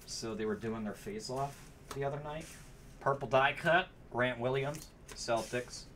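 A man's voice: mid-range voice, unhurried, fairly bright tone, a little hiss or hum. A man hosting a card break, chatting casually and calling out cards between stories. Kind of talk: casual chat while opening card packs.

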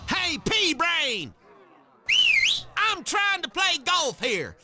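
Rowdy hillbilly golfer, high twangy voice, bright and lively, game audio with music. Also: male voice, very slow, heavy background noise, full character voice. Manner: hollering, twangy rural drawl. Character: loud crude hillbilly golfer, male, hot-tempered. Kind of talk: video game character lines.

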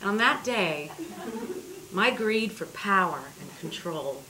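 A woman doing stand-up, telling a story in an animated, profane and self-mocking way on a theater stage. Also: on the low side, slow. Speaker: stand-up comedian. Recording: loud background noise, live theater.

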